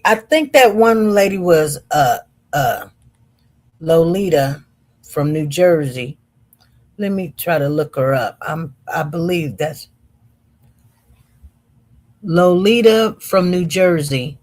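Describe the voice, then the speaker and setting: Slow, chatty woman livestreaming. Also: deep voice, lively intonation, darkish tone. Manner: chatty, slow and meandering, addresses viewers as y'all. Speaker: livestream host. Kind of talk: casual livestream chat reading comments.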